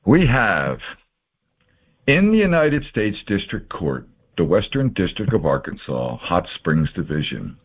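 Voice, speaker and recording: Guy with a low voice going over court papers, folksy and sarcastic, pitch jumps all over, sounds like a phone line. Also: big pitch swings, unhurried, husky. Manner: folksy, marking off items one by one, sarcastic asides. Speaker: presenter explaining court papers. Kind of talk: informal walkthrough of documents. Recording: tinny phone-like audio.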